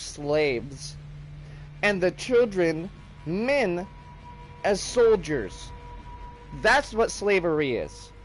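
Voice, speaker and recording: A young man hosting a gaming livestream, ranting in a heated, profane, casual way. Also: on the high side.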